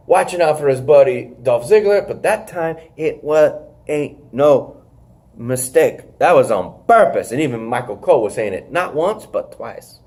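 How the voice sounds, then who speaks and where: A man's voice: fairly high pitch, lively intonation, normal speed, a little mellow. Rambling, casual podcast host man. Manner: rambling, swearing, leans on "freaking". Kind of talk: casual wrestling review chat.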